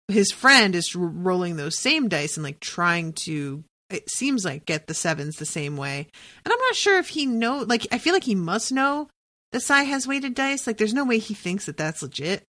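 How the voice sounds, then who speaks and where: A woman's voice: mid-range voice, sharp tone. A woman hosting a podcast, recapping a TV episode in casual, profane chat and thinking aloud with lots of "like"s.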